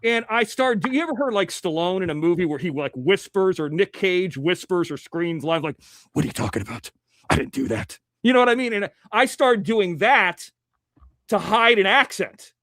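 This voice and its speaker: A man hosting an interview show, telling stories bluntly with swearing and quick bursts. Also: high-pitched, a bit bright, dry recording. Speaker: host. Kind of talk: casual interview chat.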